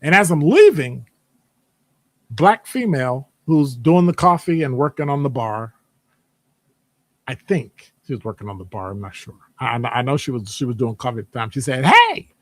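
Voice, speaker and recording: A man talking casually in a rambling monologue, animated and digressive, jumping into high voices when quoting people. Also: normal speed, dry recording. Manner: conversational, digressive. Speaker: podcast host; academic department member.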